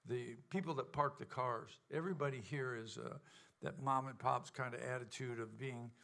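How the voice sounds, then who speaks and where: A man's voice: medium pitch, steady tone, moderate pace, gravelly, bright, forceful tone. A man hosting a casual show, rambling and joking with plenty of fillers. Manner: rambling, jokey, many fillers. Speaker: show host and band member. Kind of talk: casual banter.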